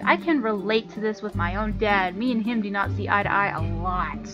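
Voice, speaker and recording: A woman's voice: medium pitch, normal speed, few pauses, over music, poor audio. A woman reading a visual novel aloud, breaking in with chatty, self-mocking asides.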